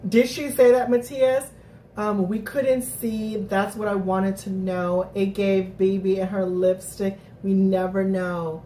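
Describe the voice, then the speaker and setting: A woman hosting a live recap stream, chatting casually to her viewers, animated and thinking out loud with lots of restarts. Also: medium pitch, slow, slight background noise. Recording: roomy, distant mic.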